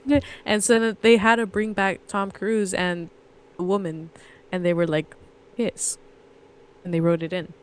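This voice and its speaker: This young adult woman co-hosts a casual movie podcast, rambling through anecdotes and reading trivia aloud like a wandering storyteller. Her voice sits on the low side with a level tone, a clean sound, and a normal speed.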